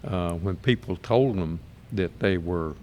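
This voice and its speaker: An older man in his seventies with a very deep voice, telling stories from his military service in a casual way. He speaks at an unhurried pace and fills in the details of a shared story. There is a faint hum of noise behind him. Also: darkish tone. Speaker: Vietnam veteran guest.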